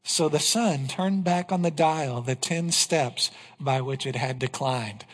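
High-voiced preaching man in a reverberant hall. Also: a little slow, hardly any pauses. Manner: emphatic preaching, rhetorical questions, drops to a hush for key lines. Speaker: pastor. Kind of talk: sermon. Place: church sanctuary.

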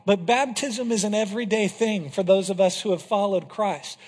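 A male pastor preaching a passionate sermon to his congregation, swinging from loud declarations to hushed, intense moments. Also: sits high, moderate pace. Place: church hall. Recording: reverberant hall.

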